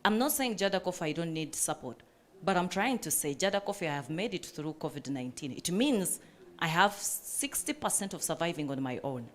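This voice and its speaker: A woman's voice: on the low side, lively intonation, brisk. A woman panelist who runs a coffee business, speaking earnestly and with passion at a panel discussion, with many fillers.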